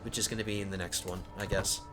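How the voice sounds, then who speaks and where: A man's voice: low-pitched, little pitch movement, quick pace, music in the background. A man hosting a strategy game let's play, thinking aloud and often stumbling over his words. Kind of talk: casual gameplay commentary.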